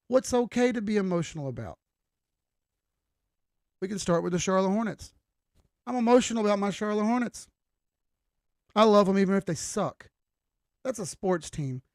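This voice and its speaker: A man's voice: high voice, gravelly, a little mellow, no room sound, studio quality. A young man hosting a crypto trading livestream, giving an emphatic, preachy, blunt pep talk with casual swearing.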